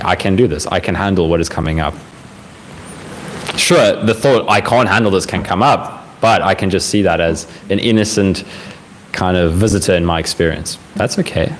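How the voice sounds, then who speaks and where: A young man hosting a casual live Q&A from home, talking gently and reflectively with plenty of fillers, a fan running faintly behind him. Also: low-pitched, low-quality recording. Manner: gentle, reflective, speaks in unhurried phrases with frequent fillers. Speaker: livestream host answering viewer questions. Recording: faint fan noise in the background.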